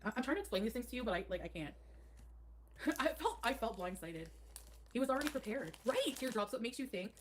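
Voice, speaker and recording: A woman's voice: a little high, animated, fast talker, a little hiss or hum. A woman from Canada telling a personal story on a livestream, rambling and emotional, full of "like".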